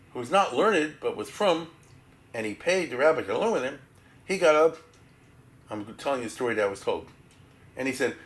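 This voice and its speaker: A man who is a rabbi giving a conversational history lecture. He often checks in with "right?" and "you follow?", uses Hebrew and Yiddish terms freely, and acts out quoted speech with big jumps in pitch.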